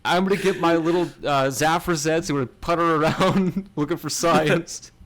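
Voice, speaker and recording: A man's voice: a little high, steady tone, moderate pace, a bit bright. Joking man explaining space missions. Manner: jokey, laughs often while explaining space missions. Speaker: podcast host. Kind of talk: casual chat.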